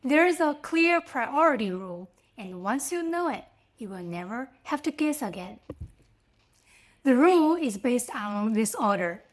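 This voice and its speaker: A woman whose first language is Mandarin, teaching pronunciation in a scripted lesson. She speaks English with small grammar slips and says each example sound twice, slowly and clearly. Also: a little high, very animated. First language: Mandarin Chinese.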